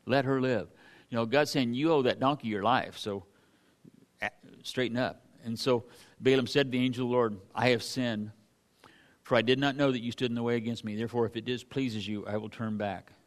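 A man preaching a casual sermon, reading scripture aloud between folksy, animated asides to his congregation. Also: medium pitch, fairly quick.

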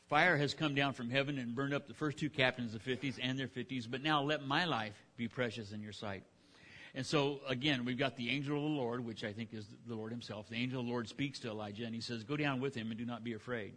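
A man's voice: medium pitch, a bit bright, big-room sound. A man preaching a conversational sermon in a folksy way, acting out the characters' lines. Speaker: pastor.

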